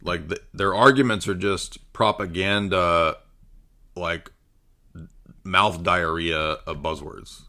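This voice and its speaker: A man's voice: low voice, steady tone, takes it slowly, sharp tone. A man giving casual live-stream commentary on a debate, mocking and sardonic in tone.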